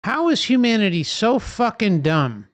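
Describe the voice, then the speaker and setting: Slow, emphatic, profane ranter. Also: mid-range voice, sing-song, dry recording. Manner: profane, emphatic, rhetorical questions. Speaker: livestream host. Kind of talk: impassioned livestream rant.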